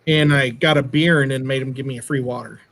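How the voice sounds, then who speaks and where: A man's voice: mid-range voice, steady tone, fast talker, creaky, a bit bright. A middle-aged man co-hosting a livestream, telling rambling stories in casual chat. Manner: rambling, chatty storyteller. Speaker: livestream co-host.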